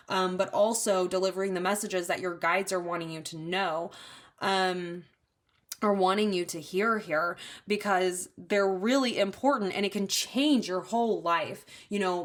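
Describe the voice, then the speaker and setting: A woman giving a pick-a-card tarot reading, chatty and empathetic, rambling with many fillers. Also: fairly low pitch. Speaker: tarot reader.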